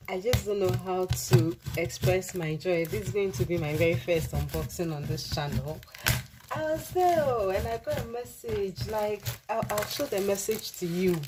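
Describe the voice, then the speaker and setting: A woman vlogger doing a casual unboxing for her cooking channel, gushing and exclamatory and repeating herself in excitement. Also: mid-range voice, unhurried, background noise.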